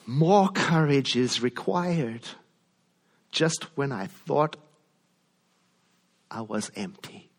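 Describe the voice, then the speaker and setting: A male minister preaching a sermon in an animated storytelling way, often asking his listeners questions. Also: mid-range voice, extremely slow, long pauses.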